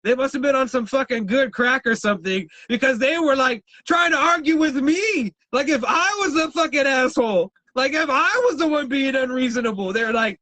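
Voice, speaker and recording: A man's voice: very high voice, normal speed, hardly any pauses, no room sound, poor audio. A man co-hosting a podcast, telling wild stories in casual chat, swearing and laughing often. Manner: animated storyteller, swears a lot, laughs often. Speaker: podcast co-host.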